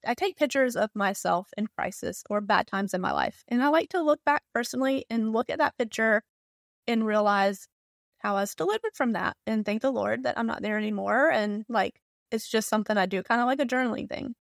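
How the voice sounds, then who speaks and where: A woman's voice: a little high, fairly quick, vocal fry, dry recording, studio quality. A woman in her thirties with a Southern US accent, telling a personal story candidly and with emotion as a podcast guest. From Southern United States.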